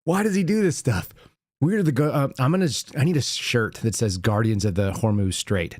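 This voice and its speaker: A man's voice: on the low side, animated, fairly quick, a little mellow, no room sound, studio quality. A man hosting a live news commentary show, reading headlines aloud and mocking them with sarcastic asides and chuckles. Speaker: show host.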